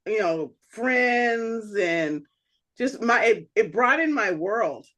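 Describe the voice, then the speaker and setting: A woman's voice: on the high side, expressive, slow, fairly bright tone. A woman co-hosting a podcast in casual chat, rambling with lots of "you know" and laughing often. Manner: laughs often while telling stories. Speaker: podcast co-host.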